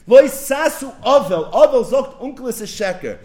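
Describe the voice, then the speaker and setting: A man teaching as a rabbi in a Torah lecture, animated, asking rhetorical questions and answering them, reciting verses slowly. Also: very high voice. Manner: quotes verses in a slow recitation. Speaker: rabbi teaching a text class.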